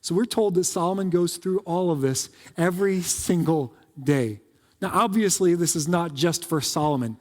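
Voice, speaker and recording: Pastor guy giving a chatty jokey sermon, bit high voice, long church echo. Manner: casual and joking, with quick asides. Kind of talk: conversational sermon. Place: church sanctuary.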